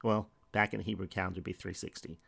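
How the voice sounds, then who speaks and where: A man's voice: low-pitched, fairly even intonation, quick pace, gravelly, a bit bright, breathy edge. A middle-aged man preaching a sermon in a conversational way, asking rhetorical questions and reading scripture aloud.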